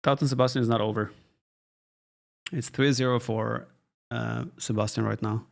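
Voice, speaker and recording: A man doing casual live-stream commentary on an esports match from his home office, relaxed and thinking aloud while reading out chat questions. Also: medium pitch, normal speed, creaky.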